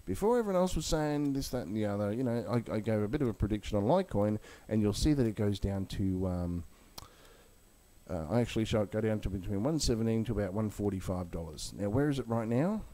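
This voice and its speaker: Lowish guy ranting and cussing on his crypto vlog, pitch swinging all over. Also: lively intonation, fast, warm tone. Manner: heated, swearing, blunt. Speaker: crypto market vlogger. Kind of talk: angry rant and chart commentary.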